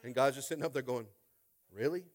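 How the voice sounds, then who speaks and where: Male pastor, sermon, animated, call-and-response asides, loud to hushed, fairly high voice. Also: normal speed.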